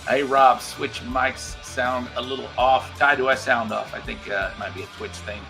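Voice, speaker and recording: Upbeat host. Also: male voice, medium pitch, fairly even intonation, gravelly, soft background music. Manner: reads out viewer names in quick shout-outs. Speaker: livestream show host. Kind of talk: casual livestream chat.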